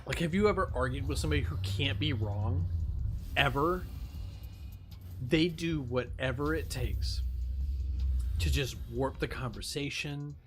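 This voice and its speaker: A man's voice: mid-range voice, unhurried, pauses often, soft background music. A man streaming and ranting casually, swearing and laughing often as he talks. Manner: profane, animated, laughing often. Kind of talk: casual rant while gaming.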